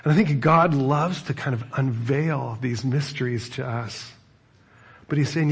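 A middle-aged man preaching as a pastor, talking in a conversational, animated way with frequent asides. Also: medium pitch, unhurried, husky. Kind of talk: sermon.

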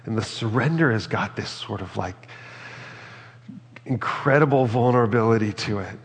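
A male pastor preaches in an earnest, reflective way, with a low, gravelly voice. His words ring out with a long reverb, as if he were in a large hall. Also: moderate pace. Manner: earnest, reflective, reads scripture aloud. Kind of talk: sermon.

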